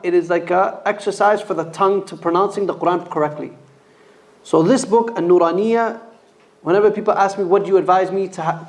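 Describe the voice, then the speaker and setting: A man teaching a Quran reading class in a mosque, sounding out letters for students to repeat. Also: high voice. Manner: repeats letters for students to echo, stressing pronunciation. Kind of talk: classroom recitation lesson.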